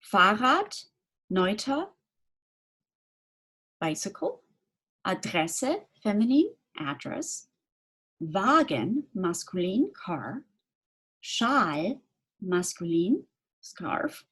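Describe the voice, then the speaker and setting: Slow, husky-voiced woman teaching German grammar. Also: mid-range voice. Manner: slow, deliberate explanations with frequent fillers; reads German examples slowly, then translates. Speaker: German language instructor. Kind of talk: recorded grammar lecture.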